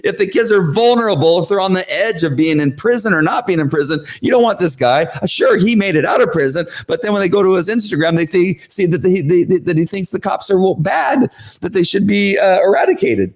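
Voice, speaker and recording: A man hosting his own show, recapping a school board meeting in casual talk, animated and full of fillers, jumping up in pitch when he acts out the crowd. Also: brisk.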